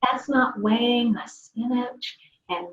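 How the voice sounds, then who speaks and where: A fairly high-voiced woman chats as a podcast guest, full of animated enthusiasm. Her audio is roomy and a little dull, like lo-fi remote audio. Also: takes it slowly. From American South. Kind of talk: casual podcast chat.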